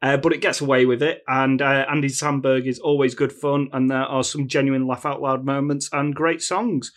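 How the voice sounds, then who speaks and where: A man co-hosting a casual film review chat, relaxed and measured. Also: mid-range voice. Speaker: podcast co-host.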